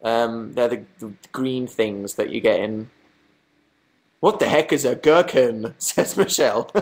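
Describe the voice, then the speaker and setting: A young man chatting casually on a livestream, rambling, mocking himself and reading viewers' comments aloud. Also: mid-range voice. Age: young adult. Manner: rambling, self-mocking, reads chat aloud. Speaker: livestream host.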